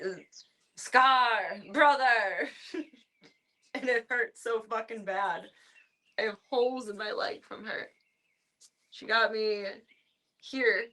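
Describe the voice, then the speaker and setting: A woman's voice: medium pitch, sharp tone. Woman cooing to her cat. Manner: cooing baby talk to a cat. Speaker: livestreamer. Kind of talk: casual chat to her pet cat.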